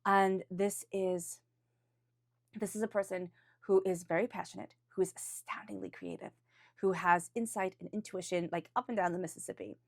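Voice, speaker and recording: A woman's voice: lowish voice, normal speed, dry recording, clean studio sound. Earnest woman giving a tarot reading. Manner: earnest and encouraging, often restarting phrases; calls on angels and spirit guides in a chanted aside. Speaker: tarot reader. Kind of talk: weekly tarot reading, spoken off the cuff.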